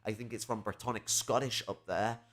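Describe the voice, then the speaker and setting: A man's voice: fairly low pitch, fairly even intonation, a little fast, fairly bright tone. A man from England, talking in a casual chat, rambling with lots of fillers and the odd swear word.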